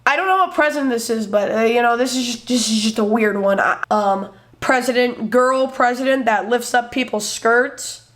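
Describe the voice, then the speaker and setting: A woman's voice: a little high, moderate pace, few pauses, a bit bright. A woman hosting a sarcastic reaction commentary, rambling and laughing at what she watches. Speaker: commentary host.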